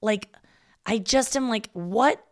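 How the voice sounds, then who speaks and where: A woman in her thirties talks through a casual, confessional podcast monologue. Her voice sits a little low and sounds smooth and clear. She rambles, runs herself down and swears freely. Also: normal speed, fairly bright tone. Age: 30s. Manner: candid, rambling, self-deprecating, swears freely. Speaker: podcast host.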